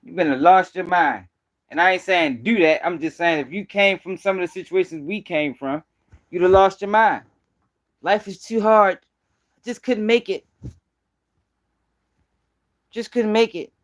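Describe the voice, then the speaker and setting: Host, male, high-pitched voice, confrontational and profane. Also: unhurried, long pauses. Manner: confrontational, profane, slangy, repeats himself. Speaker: host of a news commentary channel. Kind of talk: heated live-stream commentary.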